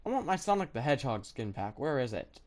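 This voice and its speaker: A woman giving chatty, rambling commentary over her own gameplay, thinking aloud with lots of fillers and sudden bursts of excitement. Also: a bass voice, fast talker. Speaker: gaming video creator.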